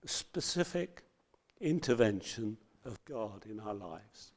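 A man preaching a sermon, earnest and reading scripture with loud emphasis. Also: lowish voice, very animated, slow pace.

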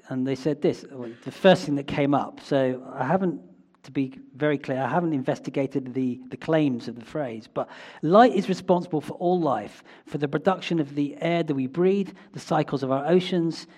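A man preaching a sermon in a church, reflective and often pausing with small fillers. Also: a little high, darkish tone.

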